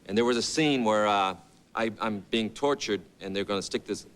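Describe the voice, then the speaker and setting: A man's voice: fairly low pitch, normal speed, smooth. A man in his fifties, a talk show guest and actor, telling rambling anecdotes full of quoted dialogue. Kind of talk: casual storytelling. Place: TV studio.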